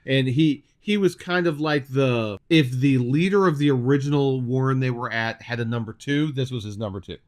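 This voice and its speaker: Brief: male co-host, casual chat, rambling and circling back, mid-pitched. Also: normal speed, few pauses. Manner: rambling, with frequent restarts and searching for names. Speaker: podcast co-host.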